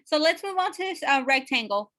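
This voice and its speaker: A woman teacher with a high, bright, ringing voice leads a math class. She keeps checking in with the students, adding "right?" and frequent fillers as she goes. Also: animated, fairly quick. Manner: checks in with questions, many fillers.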